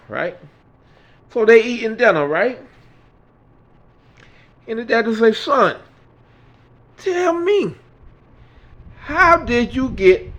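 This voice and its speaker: A man's voice: sits high, a bit bright. A man telling a long comic joke, acting out every character's lines in turn. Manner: acts out each character in turn, Southern US vernacular. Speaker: joke teller. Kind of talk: storytelling a dirty joke. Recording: dull lo-fi sound.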